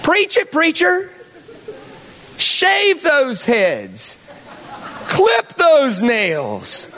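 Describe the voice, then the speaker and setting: A man's voice: extremely high pitch, wildly swooping pitch, extremely slow, bright, forceful tone, in a large hall, voice pushed up, full character voice. A man voicing a mocking male preacher with a put-on Southern US accent, drawling and theatrical. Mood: mock-preachy.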